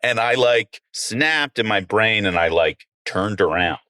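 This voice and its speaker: A middle-aged man, a comedian guest on a podcast, telling stories in an animated, self-mocking way. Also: lowish voice, measured pace, dry recording, studio quality. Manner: animated, self-mocking storyteller who acts out quotes and laughs often. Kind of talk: casual storytelling chat.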